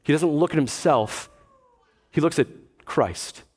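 A man's voice: on the high side, a little slow, darkish tone, breathy edge. A man pastor preaching a conversational sermon, with dry asides and quotes he acts out.

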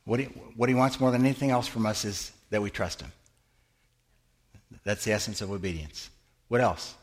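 The pastor, a middle-aged man, speaks at a moderate pace in a voice on the low side. He gives a conversational sermon in church, asking questions of the congregation and responding to them.

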